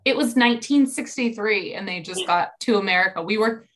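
A young woman chatting casually, telling a story with lively acted-out quotes and sudden jumps up in pitch. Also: a little fast. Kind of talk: casual chat.

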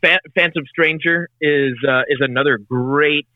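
A man's voice: on the high side, fairly even intonation, measured pace, no echo. A man co-hosting a casual podcast chat, reading out lists with many hesitations. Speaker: podcast co-host. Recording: tinny phone-like line.

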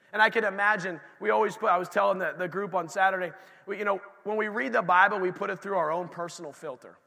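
Bright-voiced man preaching in a church. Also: high-pitched, steady tone, quick pace, gravelly. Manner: conversational, storytelling with asides to the congregation. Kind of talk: sermon. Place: church sanctuary. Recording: long reverb of a church hall.

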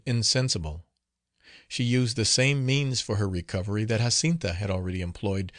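A man narrating a gothic novel as an audiobook, reading in a measured, solemn manner. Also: mid-range voice, no room sound, clean studio sound.

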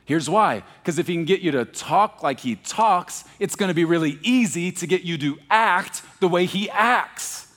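A pastor from Texas preaching a sermon, moving between hushed, slow emphasis and animated, emphatic passages. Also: male voice, high voice. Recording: long hall reverb.

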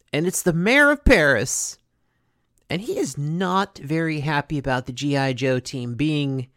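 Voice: medium pitch, fairly bright tone, dry recording, clean studio sound. A host casually recapping a cartoon episode, chatty, with many fillers and asides.

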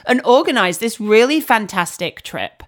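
A woman co-hosts a podcast, her voice slightly high and very animated at an ordinary speed. She recaps things in a casual, blunt chat and swears often.

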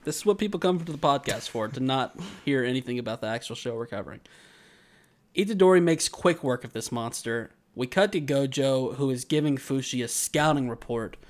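In a mid-range voice at a fairly quick clip, a podcast co-host rambles through a long anecdote in casual chat, acting out the people in it. The talk covers an anime recap and storytelling, delivered with lots of animation.

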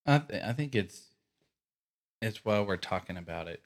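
A low-pitched man with a Texan accent talks through a movie story in a relaxed podcast chat. He sounds easygoing and animated, and he reflects on faith between the story beats. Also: normal speed. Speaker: podcast co-host.

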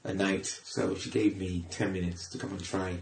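Deep gravelly middle-aged man, roomy sound. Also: flat delivery, moderate pace, a little hiss or hum. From Britain, born in Liverpool. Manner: reflective, repeats words while thinking. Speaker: comedian guest. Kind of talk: casual conversational interview. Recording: roomy echo.

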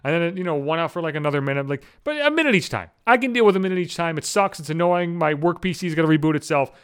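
A man's voice: a little high, expressive, racing, clean tone. A young man from the Buffalo area, ranting casually with constant swearing and filler words, sounding exasperated. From Buffalo, New York. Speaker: vlogger. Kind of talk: profane casual rant.

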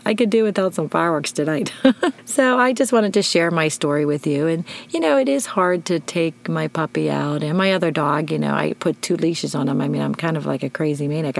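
Middle-aged female podcast host, deep and creaky, emotional storyteller. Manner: emotional, animated retelling with shouted quotes. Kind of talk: personal storytelling.

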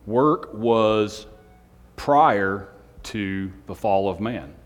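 A man preaching a Sunday night sermon, speaking in a self-described monotone with joking asides to the congregation. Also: fairly low pitch, extremely slow, faint music behind. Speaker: pastor. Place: church hall on a Sunday night. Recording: long hall reverb.

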